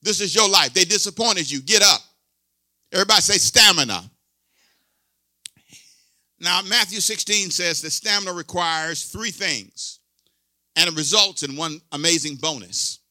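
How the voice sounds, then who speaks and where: A pastor in his sixties delivers a sermon in a high, piercing tone, hammering repeated words and calling for response, swinging from quiet asides to loud exhortation. His pace is measured with long pauses, and the sound is dry and close with no room around it.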